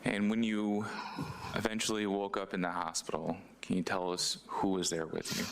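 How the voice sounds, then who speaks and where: A man questioning a witness at a public hearing in measured, careful questions. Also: sits low, monotone, creaky, slight background noise. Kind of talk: formal questioning.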